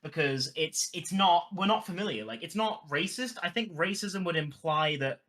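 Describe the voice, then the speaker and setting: Bright-voiced English man, animated chat. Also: fairly high pitch, moderate pace. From England. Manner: animated, restarts sentences often. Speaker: podcast co-host. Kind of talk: casual chat.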